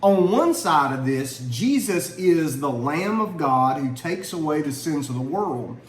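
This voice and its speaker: A man's voice: on the high side, big pitch swings, a little slow. A middle-aged man leading a family Bible lesson, earnest and conversational, asking questions as he teaches. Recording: echoey room, faint ambience.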